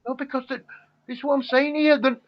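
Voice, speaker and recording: A man's voice: extremely high pitch, flat delivery, fast talker, no room sound, muffled recording. A man on a live chat show, ranting profanely in a heated, fired-up casual talk.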